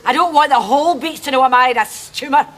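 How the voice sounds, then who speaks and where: An actress playing a sharp-tongued wife on a beach holiday, dry and scolding. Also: female voice, high-pitched, quick pace. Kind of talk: sitcom acting.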